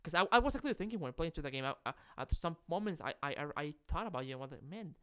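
A man's voice: fairly high pitch, clean tone. A man co-hosting a gaming podcast, chatting casually and often repeating himself as he goes. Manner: halting, repeats words, relaxed. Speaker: podcast co-host.

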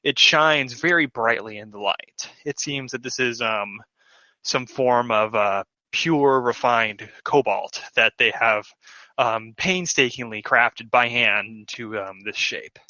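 Bright-voiced man running a tabletop game. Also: medium pitch, takes it slowly, no room sound. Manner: rambling with many fillers and restarts. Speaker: game master. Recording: dull lo-fi audio.

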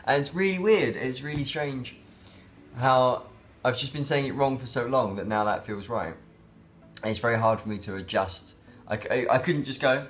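A man's voice: mid-range voice, animated, normal speed, a bit bright. A man talking in a casual daily vlog, rambling and reflective, with many fillers and restarts. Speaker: vlogger.

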